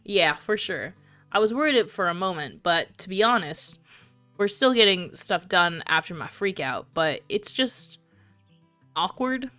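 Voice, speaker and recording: Young country-drawling man, earnest, halting, bright voice, as a woman puts him on, game. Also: on the low side, animated, soft background music. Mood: awkward. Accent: put-on American country accent.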